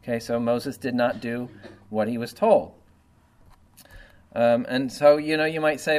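A man leading an informal Bible study, reading scripture passages aloud and then explaining them in a relaxed, conversational way with frequent fillers and tag questions. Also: medium pitch, unhurried, pauses often. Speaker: Bible teacher.

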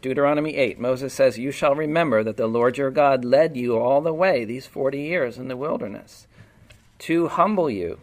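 Guy preaching a chatty sermon, keeps asking the room right? and okay?. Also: mid-range voice. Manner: conversational, asks the room questions. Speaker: pastor.

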